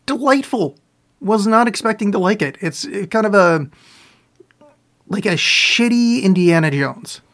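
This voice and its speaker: A man's voice: sits high, measured pace, a bit bright. A man hosting a podcast live, answering listener questions in loose, profane, self-mocking chat, with a sore throat. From US East Coast. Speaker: podcast host. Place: home, live on video stream.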